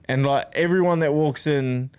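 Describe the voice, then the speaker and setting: A man's voice: a little high, normal speed, darkish tone, smooth. A young man, co-hosting a podcast in casual chat and telling rambling stories with plenty of laughter. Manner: rambling storyteller, laughs often. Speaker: podcast co-host.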